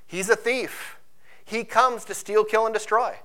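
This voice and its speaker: Guy preaching, kinda high voice, goes quiet and close then gets loud and pushy. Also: steady tone, measured pace. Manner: swings from hushed, intimate lines to loud, urgent preaching; quotes scripture and acts out inner voices. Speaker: pastor. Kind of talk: sermon.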